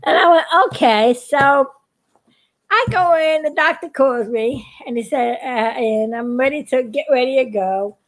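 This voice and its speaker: A woman's voice: sits high, unhurried. A woman chatting casually to her viewers, telling a story and laughing often. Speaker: YouTube cartoon maker.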